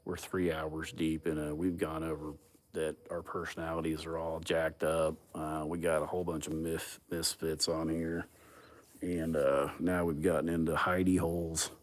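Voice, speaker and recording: Man hosting a loose live chat; deep voice, foul-mouthed, chuckling storyteller. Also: flat delivery, moderate pace. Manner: profane, laid-back, laughs often. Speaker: livestream host. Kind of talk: casual chat, rambling storytelling.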